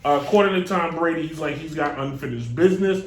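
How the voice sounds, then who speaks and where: A man's voice: on the high side, quick pace, a little hiss or hum. A man hosting a live sports talk show, rambling and joking with lots of digressions into a desk mic. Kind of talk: casual live show monologue. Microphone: desk mic on a stand. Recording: echoey room.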